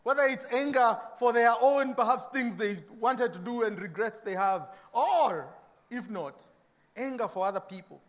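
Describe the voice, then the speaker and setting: A Kenyan man preaching a sermon, who acts out little dialogues and swings between loud bursts and hushed lines. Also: very high voice, lively intonation, moderate pace. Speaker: pastor.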